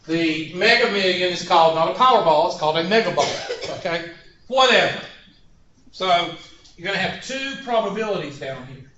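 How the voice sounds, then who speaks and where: A male math instructor lectures his class in a high-pitched, pushed and bright voice with lively intonation and a moderate pace, drifting into folksy, joking stories and asides. The classroom recording sounds roomy and dull, with slight background noise.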